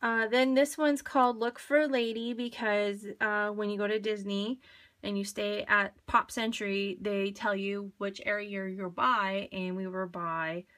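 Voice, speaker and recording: A woman talks through her craft pages in a relaxed, chatty way, drifting between asides and small fillers. Her voice is bright and forward, sitting at an everyday middle pitch for a woman. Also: a little slow. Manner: chatty, rambling, many fillers. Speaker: scrapbooking vlogger. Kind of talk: casual show-and-tell chat.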